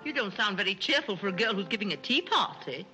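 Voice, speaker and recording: An actress playing a flighty, scatterbrained rich matron who rambles giddily in 1930s screwball film style. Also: female voice, medium pitch, big pitch swings, quick pace, natural voice. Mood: airheaded. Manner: giddy, rambling, airheaded chatter. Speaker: scatterbrained society mother. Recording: muffled 1930s film soundtrack with music.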